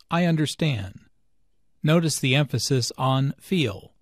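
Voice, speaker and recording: A man reading English language notes in a slow, clear, scripted lesson style. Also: fairly high pitch, dry recording, studio quality. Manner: slow, clear explanatory delivery. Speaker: English teacher.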